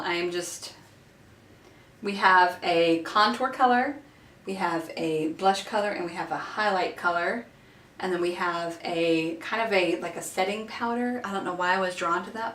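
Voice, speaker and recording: A woman in her thirties who has children, excitedly unboxing makeup in a casual vlog recorded in her bathroom, gushing with lots of fillers. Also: mid-range voice. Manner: giddy and gushing, with many fillers. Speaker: beauty vlogger. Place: home bathroom. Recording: echoey bathroom, mic a bit far off.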